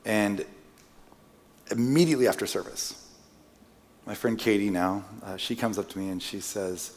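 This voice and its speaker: A guest speaker in a church sanctuary preaches by telling a personal story, casual and self-deprecating, with joking asides. His voice is lowish with a darkish tone at normal speed, and the church-hall reverb is long.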